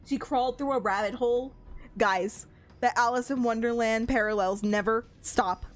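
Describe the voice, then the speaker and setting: A young woman with a slightly high voice streams a game and chats excitedly. She gushes and giggles her way through casual commentary. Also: moderate pace.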